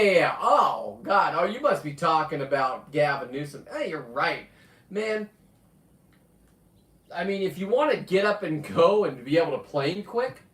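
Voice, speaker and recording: A man in his fifties talking casually on a live stream, rambling with loud outbursts and frequent swearing. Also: a little high. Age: 50s. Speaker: livestreamer reading viewer comments. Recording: echoey, distant from the mic.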